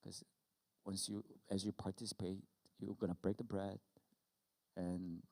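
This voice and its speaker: A middle-aged man preaching a sermon, who tells stories with animation and acts out scenes loudly. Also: low voice, little pitch movement, a little slow, gravelly, in a large hall. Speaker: pastor. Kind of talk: sermon with personal story.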